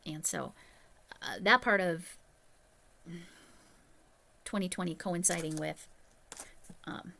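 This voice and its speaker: A woman's voice: on the low side, takes it slowly, vocal fry, long pauses, bright, forceful tone. A middle-aged woman, a retired teacher, talking candidly and chattily to her viewers in a casual vlog. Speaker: retired teacher turned crochet YouTuber. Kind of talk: casual vlog chat to camera.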